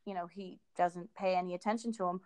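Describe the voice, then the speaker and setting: Soft-spoken middle-aged woman, halting talk. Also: lowish voice, steady tone, clear, resonant tone, no room sound. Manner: halting, many fillers and restarts. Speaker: guest. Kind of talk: casual conversation.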